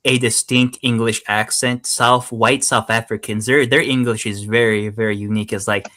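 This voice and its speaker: A man with an American accent from the West Virginia area, hosting a loose group voice chat. His voice sits low and sounds dry and close, and he rambles crudely with plenty of fillers. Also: flat delivery, brisk, hardly any pauses, pushed and bright, no room sound. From United States. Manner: rambling, crude, laughs often, many fillers. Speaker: host.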